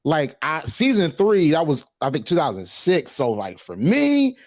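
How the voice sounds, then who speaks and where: A man in his twenties hosting an interview, chatting in a relaxed, reflective way. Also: on the high side, unhurried, no room sound, studio quality. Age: 20s. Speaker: interview host. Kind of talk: casual interview chat.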